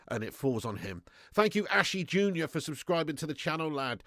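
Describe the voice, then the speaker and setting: Hosting a live football chat stream, a man reads viewer comments in a chatty style, laughing often as he swings between loud shout-outs and quiet mutters. His pitch varies widely and he talks fairly fast with few pauses. The audio is studio quality with no room sound.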